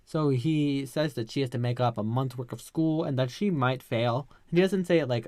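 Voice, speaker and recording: A man's voice: mid-range voice, normal speed, few pauses, a little mellow, dry recording. A man hosting a podcast, recapping an episode in a chatty, slangy, ranting way. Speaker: podcast host.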